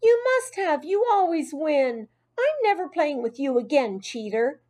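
A woman voicing an upset young schoolgirl who shouts accusations through tears, in a storybook reading. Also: animated, takes it slowly. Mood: accusing, tearful. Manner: shouting, high and shrill.

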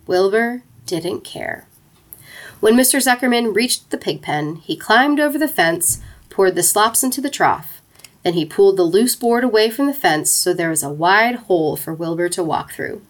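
A woman narrating a children's storybook aloud in an expressive, playful way. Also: medium pitch, moderate pace.

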